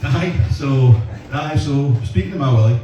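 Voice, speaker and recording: A man's voice: mid-range voice, moderate pace, dull audio. A Scottish man doing a crude, self-deprecating stand-up set in a comedy club, bantering with the crowd. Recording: echoey club from far off, loud noise.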